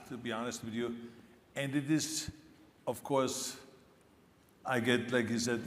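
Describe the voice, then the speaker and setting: A man in his seventies with an Austrian accent, speaking as a guest on a conference stage in a playful, self-mocking way. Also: mid-range voice. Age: 70s. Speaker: celebrity spokesperson guest. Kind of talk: joking onstage conversation. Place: large conference hall stage. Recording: echoey hall with faint crowd noise.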